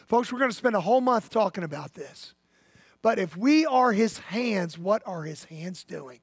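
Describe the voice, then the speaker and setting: High-voiced Southern pastor preaching. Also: male voice, animated, normal speed, slightly rough, no room sound, studio quality. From Southern United States. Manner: folksy, emphatic storytelling with dramatic drops to a hush. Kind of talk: sermon. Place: church sanctuary.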